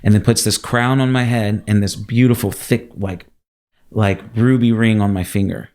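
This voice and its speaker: Gravelly man telling his testimony. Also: fairly low pitch, steady tone, normal speed, darkish tone. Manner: emotional storytelling with laughs and acted quotes. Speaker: guest. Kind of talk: personal testimony.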